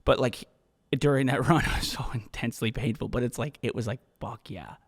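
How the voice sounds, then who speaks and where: A man hosting a solo podcast, telling a story in casual, profane, animated monologue. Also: mid-range voice, fairly quick, long reverb tail. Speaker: podcast host.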